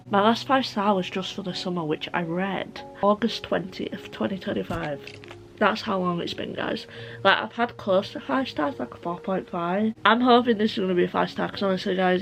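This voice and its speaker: Gushing young woman with a gravelly edge. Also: mid-range voice, rough recording. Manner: gushing, excitable, heavy use of "like". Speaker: book vlogger. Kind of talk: casual reading vlog chat.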